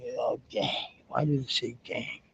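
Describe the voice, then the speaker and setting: A man from Denmark chatting casually and rambling on a livestream, swearing now and then and filling pauses with ums. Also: medium pitch, big pitch swings, vocal fry, slight background noise. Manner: rambling, laid-back, swears casually, many fillers. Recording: dull lo-fi stream audio.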